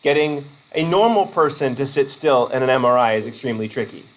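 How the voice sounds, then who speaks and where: A man's voice: mid-range voice, animated, brisk, low-quality recording. A man from Vermont giving a casual college lecture, rambling with jokey asides.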